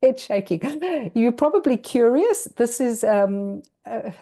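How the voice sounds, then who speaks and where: A woman's voice: a little high, lively intonation, slow pace, mellow. A middle-aged woman with a South African accent gives an informal, hesitant presentation to an audience listening through a translator, with many ums and restarts, apparently over a video call. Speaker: guest speaker.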